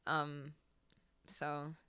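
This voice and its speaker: A young woman chats with her livestream viewers from a home room lined with foam panels. Her voice is bright and crisp, and sits a little low for a woman. She talks in a loose, chatty way, repeats herself and slips in quick laughs. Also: monotone. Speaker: livestream singer and host. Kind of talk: casual chat with live chat.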